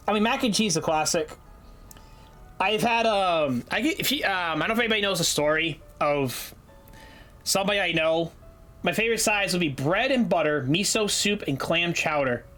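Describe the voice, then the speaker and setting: A man's voice: high-pitched, bright, forceful tone. A young man from Massachusetts with a light local accent, chatting loosely as a game streamer, rambling and joking with some swearing. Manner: rambling, joking, profane, laughs often. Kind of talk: casual gaming stream chat.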